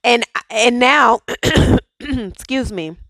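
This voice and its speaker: A woman's voice: fairly high pitch, drawn-out words, a bit bright, no room sound, poor audio. A woman in her thirties hosting a devotional podcast, telling a personal testimony in a conversational way and often checking in with "okay?". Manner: storytelling, conversational, emphatic "okay?" asides.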